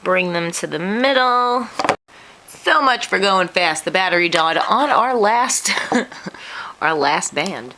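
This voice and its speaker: A woman's voice: lowish voice, lively intonation, slow pace, noisy background. A woman hosting a craft tutorial, walking through each step in a chatty, self-deprecating way while sniffling. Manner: chatty, self-deprecating, talks through her hands-on work.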